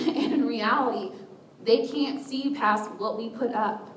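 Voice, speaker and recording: A woman with a slightly high voice giving a frank, self-deprecating testimony to a church audience, slipping into little acted-out inner voices. She sounds set back from the mic in a roomy, echoing space, with a faint rumble underneath. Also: normal speed. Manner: candid, self-mocking, acts out inner voices. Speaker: speaker sharing a personal testimony. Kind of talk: candid testimony talk to a church group. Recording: roomy echo with a faint rumble, voice picked up from a distance.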